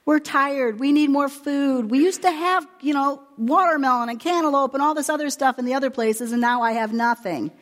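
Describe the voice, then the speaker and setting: A woman's voice: high-pitched, moderate pace, few pauses, long reverb tail, pitched above the performer's own voice, close to an everyday voice. Woman putting on a whiny complaining crowd. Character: grumbling complaining wandering crowd of people.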